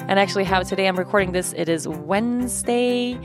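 A woman in her thirties hosting a podcast, speaking candidly with halting fillers in a reflective personal monologue. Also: mid-range voice, no echo, clean studio sound, faint music behind. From Sweden. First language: Swedish. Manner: candid, halting, with frequent "like" fillers and soft laughs. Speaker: podcast host. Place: home apartment.

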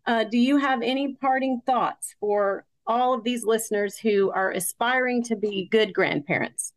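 A woman's voice: on the high side, normal speed. A woman hosting a podcast over a remote call, chatting casually and telling personal stories. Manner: warm, personal storytelling with a Southern "you all". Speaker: podcast host.

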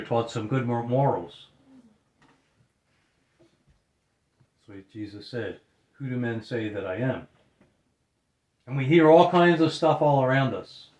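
A man preaches a sermon in an earnest way, repeating his phrases to drive them home. His voice sits at an ordinary middle pitch, and the recording carries a roomy echo. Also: a little mellow.

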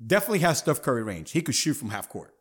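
A man's voice: medium pitch, racing, breathy edge. A man hosting a casual sports talk podcast, emphatic and full of slang. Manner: animated, emphatic, street slang. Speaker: podcast host.

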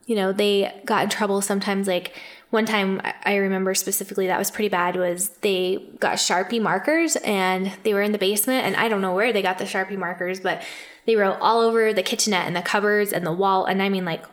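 A woman in her thirties shares home stories on a podcast in a loose, conversational way. She fills her sentences with "like" and "you know" and laughs often. Her voice sits at an ordinary pitch for a woman. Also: steady tone, a little fast. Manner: chatty, many "like" fillers, laughs often. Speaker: podcast co-host, adoptive mother. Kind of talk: casual storytelling.

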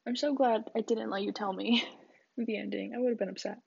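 A woman's voice: on the high side, fairly even intonation, fairly quick, creaky, a little mellow, husky, no room sound. A young woman rambling in a casual solo chat, giggly and full of fillers, on a dull lo-fi recording. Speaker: podcast host.

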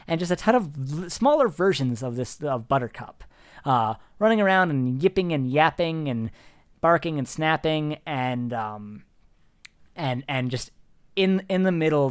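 A man's voice: a little high, clean tone, no echo. A man narrating as game master of a tabletop game, rambling with restarts and laughs. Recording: dry close mic with faint music.

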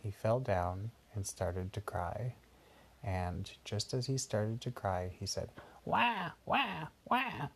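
A low-pitched, husky man tells an improvised bedtime story. He speaks patiently, pausing to explain things to a child. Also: darkish tone. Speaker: parent telling a bedtime story.

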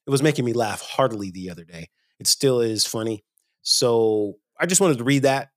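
A man's voice: medium pitch, lively intonation, normal speed, a bit bright, no echo, studio quality. A man hosting a casual podcast, opinionated and emphatic when he gets going. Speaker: podcast host.

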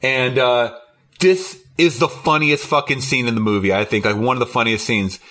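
A man's voice: mid-range voice, moderate pace, bright, forceful tone. A man co-hosting a podcast, casually retelling a horror movie's plot with lots of swearing and laughter. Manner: rambling, profane, laughs while retelling scenes. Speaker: podcast co-host. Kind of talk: casual movie recap chat.

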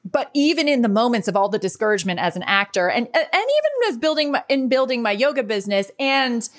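A woman's voice: a little high, very animated, a little fast. Chatty, candid woman in her thirties. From New York. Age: 30s. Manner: candid, chatty, swears freely. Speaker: life coach and podcast host. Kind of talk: casual podcast monologue.

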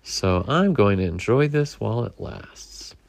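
Man doing a fussy cartoonish egg, male, storybook character, lively and gravelly. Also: measured pace. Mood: relaxed. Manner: lively, rising to a nervous pitch. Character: fretful male egg who stays home.

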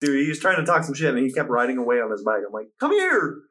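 A man's voice: mid-range voice, very fast, a bit bright. A young man co-hosting a podcast, reading true crime notes aloud and then joking with his friend in casual slang. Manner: reads notes plainly, then jokes and laughs. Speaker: podcast co-host.

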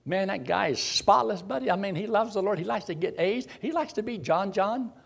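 A man's voice: high-pitched, lively intonation, fairly quick, vocal fry, a bit bright, breathy edge. A man preaching a sermon in a dramatic, folksy way, full of rhetorical questions and acted-out scenes.

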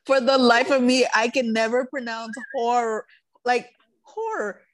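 A woman's voice: on the high side, level tone, normal speed, a little hiss or hum. A woman co-hosting a podcast in casual chat, talking loosely with lots of fillers and frequent laughter. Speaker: podcast co-host.

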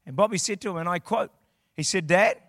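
A man preaching a sermon as a pastor, swinging from quiet storytelling to shouted declarations. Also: high-pitched, fairly quick, no room sound, clean studio sound.

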